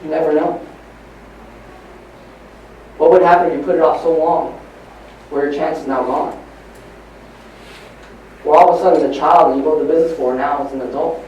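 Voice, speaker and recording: A man gives a motivational talk in a big, echoey hall, heard from some distance away from the mic. His voice sits a little high and mellow in tone. He tells stories, dropping to a hush and then pressing hard on key lines. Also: steady tone, normal speed, pauses often, highs cut off, a little hiss or hum. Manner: storytelling, swings between hushed and emphatic. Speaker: motivational speaker. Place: large hall at a live training event. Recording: echoey live hall recording from far off.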